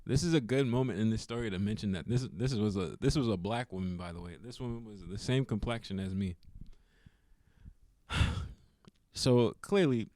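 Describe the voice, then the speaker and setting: A man's voice: fairly low pitch, moderate pace, pauses often, dry recording. A young man telling a funny personal story in a casual vlog, laughing often and acting out what people said. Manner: animated, laughs often, acts out quotes.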